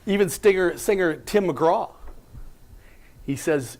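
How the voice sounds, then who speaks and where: A man's voice: fairly high pitch, animated, takes it slowly, pauses often. A man giving an inspirational talk, telling his own story with emphatic rhetorical questions. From United States. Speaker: company president giving a talk. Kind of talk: inspirational speech.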